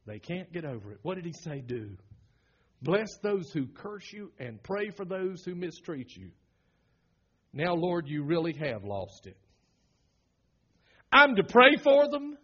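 A middle-aged Southern American pastor preaching with a husky, slightly raised voice. He is folksy and joking, then drops to a hush for the serious points. The recording sounds muffled and lo-fi. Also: a little high, big pitch swings, a little slow. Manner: folksy, humorous, swings from loud to hushed. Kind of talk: sermon.

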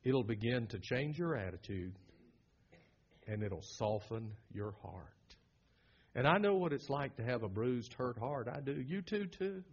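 A middle-aged man with a Southern American accent preaching a sermon as pastor, folksy and humorous, swinging from loud bursts to hushed lines. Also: mid-range voice, animated, measured pace, slightly rough, highs cut off.

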